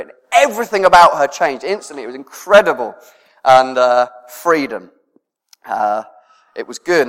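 Chatty preacher man in a reverberant hall. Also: a little high. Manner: conversational, rhetorical tag questions, chuckling. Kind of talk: sermon.

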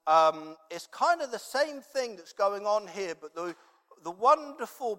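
Man, high voice, casual rambling sermon, lots of fillers, long hall reverb. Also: a bit bright. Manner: rambling, conversational, many fillers. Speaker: preacher. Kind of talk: sermon with personal storytelling.

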